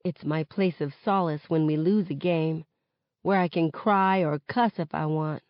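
A woman reading a novel aloud in the first person, with expressive narration. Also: deep voice, measured pace, no echo, dull audio. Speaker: reader of a novel. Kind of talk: audiobook-style novel reading.

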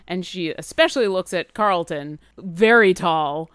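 A woman narrating a tabletop game as game master in a relaxed, storytelling way. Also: fairly low pitch, unhurried, clear, resonant tone, dry recording.

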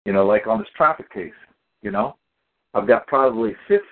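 A man telling stories in a casual community call, animated and acting out the people in them. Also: mid-range voice, fairly quick. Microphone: phone or call audio. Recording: tinny phone line.

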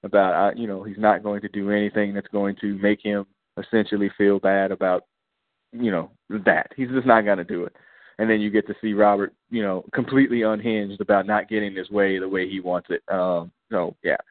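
A man's voice: on the low side, flat delivery, fairly quick, no room sound. A man co-hosting a podcast, casually recapping episodes and acting out characters' lines in slang. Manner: laid-back, acts out characters' lines in slang. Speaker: podcast co-host. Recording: tinny phone-like line.

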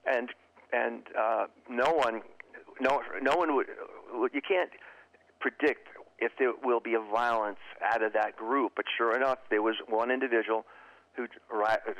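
A man who is a former FBI profiler, speaking as an interview guest in a halting way and often repeating his words. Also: medium pitch, fairly even intonation, a bit bright, no room sound, poor audio. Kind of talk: casual interview talk.

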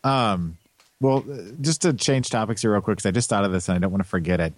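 An American man co-hosting a podcast, telling anecdotes in a chatty, animated casual way. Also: lowish voice, fast, dry recording. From United States. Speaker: podcast co-host. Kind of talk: casual chat.

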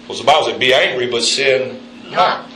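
A man preaching a sermon in a church, calling on the congregation for responses and jumping up in pitch for emphasis. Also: moderate pace, pushed and bright, a little hiss or hum. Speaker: pastor. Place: church sanctuary. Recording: very echoey room, mic at a distance.

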